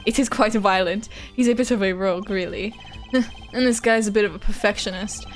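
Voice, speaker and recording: A woman's voice: medium pitch, steady tone, fairly quick, lightly acted. A woman voicing a suave, cocky male rock-star prosecutor with a put-on German accent, over faint game music. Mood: smug. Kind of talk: reading game dialogue aloud on stream.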